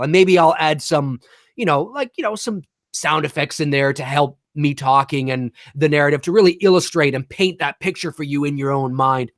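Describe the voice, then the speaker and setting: A man co-hosting a live-stream chat show, talking casually and at length with frequent restarts and the odd curse. His voice sits a little high, and the recording is dry with no room sound. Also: normal speed, no room sound. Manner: rambling, animated, restarts, swears casually. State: talking with a lozenge in his mouth. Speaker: podcast co-host.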